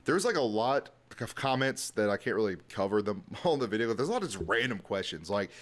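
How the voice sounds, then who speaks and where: A man's voice: fairly low pitch, big pitch swings, fast. A man streaming a late-night reaction video, talking casually and rambling, with many fillers. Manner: rambling, lots of "like".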